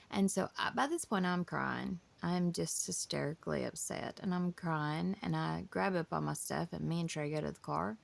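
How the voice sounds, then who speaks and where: A woman's voice: lowish voice, moderate pace, gravelly. A woman, telling her family story in a casual, emotional, rambling way. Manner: emotional, rambling with many restarts.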